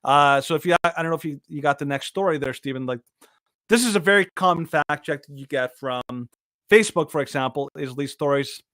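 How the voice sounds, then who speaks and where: Man, podcast cohost, energetic casual rant, slightly high voice, dry sound. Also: a little fast, no echo. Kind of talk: casual chat.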